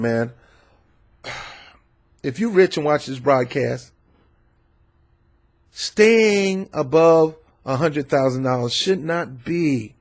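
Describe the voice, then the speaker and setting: A man's voice: a little high, husky. A man hosting an opinion vlog who talks in a preachy, fired-up way and quotes scripture. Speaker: vlog host.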